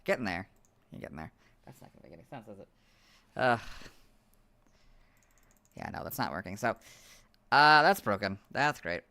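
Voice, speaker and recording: A young man who is losing his voice, muttering asides while editing on a livestream, then reading out stat entries loudly. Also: fairly low pitch, very animated, normal speed, long pauses. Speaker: video creator editing on a livestream. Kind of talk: casual livestream chat and reading out stats.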